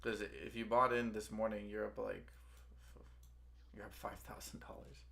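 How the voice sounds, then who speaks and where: A man's voice: fairly low pitch, steady tone, normal speed, creaky, sharp tone. A young man hosting a casual stream chat, rambling and calling people bro. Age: young adult. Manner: rambling, says bro, frequent restarts. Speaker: stream host.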